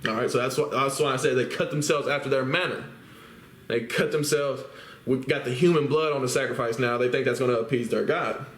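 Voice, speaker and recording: A man's voice: medium pitch, fairly even intonation, fairly quick, a bit bright. A man teaching the Bible, reading scripture aloud and then explaining it in casual talk, often checking in with listeners through tag questions. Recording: roomy echo.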